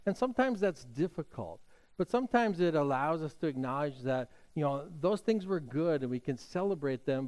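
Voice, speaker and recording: A man's voice: fairly high pitch, darkish tone. A middle-aged man preaching a sermon as pastor, talking in a conversational storytelling way with frequent fillers and restarts.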